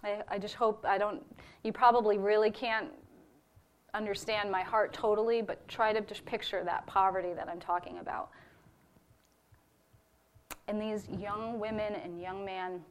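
A woman's voice: medium pitch, fairly even intonation, normal speed, pauses often. Woman, church member reporting on a ministry trip, heartfelt testimony delivery. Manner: earnest and heartfelt, with fillers. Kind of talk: personal testimony to a congregation.

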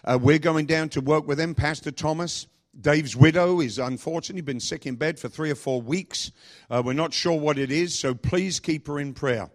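Preaching at a normal speed in a fairly high voice, a male pastor keeps putting questions to his congregation and stresses his words with lively energy.

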